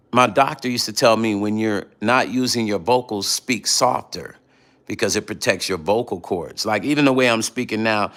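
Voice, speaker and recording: A middle-aged man chatting casually late at night on his vlog, telling animated stories and repeating himself for emphasis. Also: fairly low pitch. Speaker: vlog host reading viewer comments.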